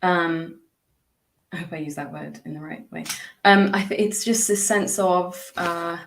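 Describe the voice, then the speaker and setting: A woman's voice: on the low side, a little slow, vocal fry, slight background noise. A woman guest on a podcast, talking casually and reflectively, chatty with frequent laughs and lots of fillers and restarts. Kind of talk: casual reflective interview talk.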